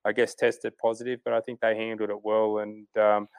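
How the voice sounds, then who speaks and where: A man's voice: lowish voice, monotone, a little fast, smooth, no room sound. A man chatting casually as a golf podcast co-host, rambling with lots of fillers and restarts. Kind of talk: casual sports chat.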